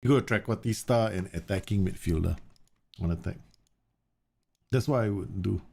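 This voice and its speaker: Low-voiced gravelly guy streaming a game, chatty and rambling, thirties. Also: normal speed, dark tone. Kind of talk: casual live-stream chat.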